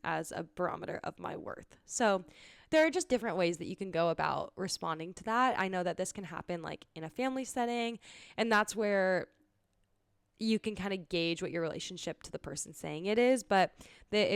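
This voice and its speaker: A woman's voice: mid-range voice, clean tone, no room sound, clean studio sound. A young woman hosting a solo podcast, talking casually and earnestly and laughing often. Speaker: podcast host.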